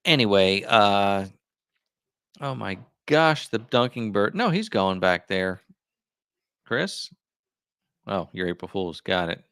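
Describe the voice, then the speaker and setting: A middle-aged man with a very low voice hosts a casual live chat. He wanders from thought to thought with frequent asides, and the recording sounds dry and close with no room echo. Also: sing-song, takes it slowly, pauses often, fairly bright tone, smooth. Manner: rambling, musing aloud with many asides. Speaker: livestream host.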